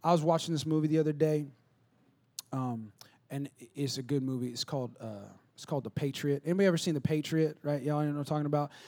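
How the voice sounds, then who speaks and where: A man preaching a sermon in a conversational, repetitive way that builds to shouting. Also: on the high side, fast.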